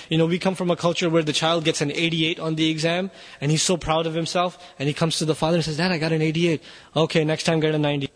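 A man's voice: fairly high pitch, in a large hall. A man giving a sermon in an earnest, urgent and emphatic way. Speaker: preacher.

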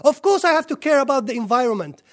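Excitable high-voiced male lecturer. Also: fast talker. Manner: excitable, fires rhetorical questions at the audience. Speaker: Islamic lecturer. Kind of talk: impassioned religious lecture.

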